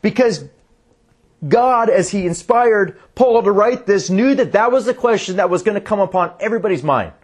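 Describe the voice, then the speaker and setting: A man preaching a sermon, reading scripture in a slower, lower voice and explaining it earnestly. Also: lively intonation. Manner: reads scripture in a lower, slower voice, then speeds up; earnest, restarts sentences. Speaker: pastor.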